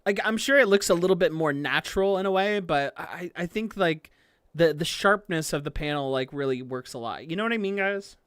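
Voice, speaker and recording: A streamer gives casual live commentary on an anime episode, rambling and gushing with many fillers, swearing freely and breaking into excited outbursts. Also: fairly quick, no echo, studio quality. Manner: swings into excited high outbursts.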